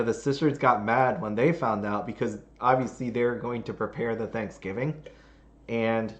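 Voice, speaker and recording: A man's voice: medium pitch, dull audio. A man hosting his channel, chatting casually and telling a rambling holiday story, laughing at it as he goes. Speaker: channel host.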